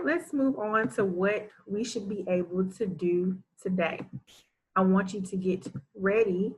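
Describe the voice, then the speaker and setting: Slow, deliberate woman teacher for young kids, sounds out words carefully, praises often. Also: mid-range voice, a little hiss or hum, rough recording. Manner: enunciates sounds carefully, warm praise for pupils. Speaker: first grade teacher. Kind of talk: slow, deliberate reading lesson for young children.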